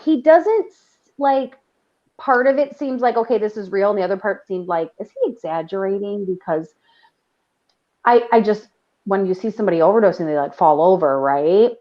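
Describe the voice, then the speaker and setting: A woman's voice: medium pitch, moderate pace. A woman co-host telling a story in casual chat, swearing freely and acting out what people said. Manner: animated, acts out quotes, swears a lot. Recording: dull lo-fi sound.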